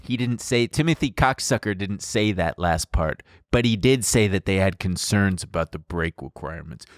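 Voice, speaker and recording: Give me a sarcastic, swearing male podcast host with a very lively voice and dry close sound. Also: sits low, moderate pace, dry recording. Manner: sarcastic, profane, animated ranting. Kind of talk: sarcastic comedy podcast rant. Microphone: close studio mic.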